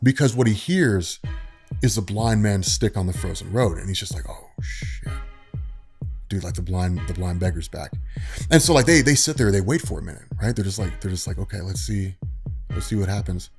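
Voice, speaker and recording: Fast-talking, slangy young man retelling a story. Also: lowish voice, soft background music. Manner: animated, slangy, many fillers. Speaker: vlogger.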